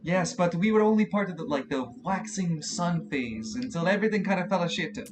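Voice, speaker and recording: A brash, cheerful Italian mobster twin, as a man puts him on, his voice pushed up high and loud. A bright, playful accent, with guitar music clearly playing underneath. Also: expressive, fairly quick. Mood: boastful. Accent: Italian, put on.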